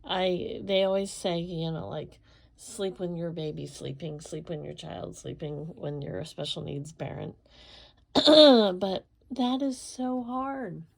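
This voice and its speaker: A tired woman chats softly and slowly while she paints late at night at home. Her voice sits low with a gravelly edge from a frog in her throat. She rambles in a soft, drowsy way. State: sleepy and tired. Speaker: painter and parent. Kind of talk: casual painting vlog.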